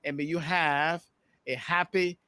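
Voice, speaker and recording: A male podcast host from Liberia, closing the show with announcements and thanks, halting with many fillers. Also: fairly high pitch, fairly even intonation, sharp tone, smooth.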